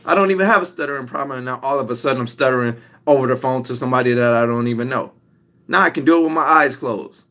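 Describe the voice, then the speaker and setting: A young motivational speaker talks fast in a medium-pitched, fairly bright voice. He's emphatic and repetitive, drawing out his key lines.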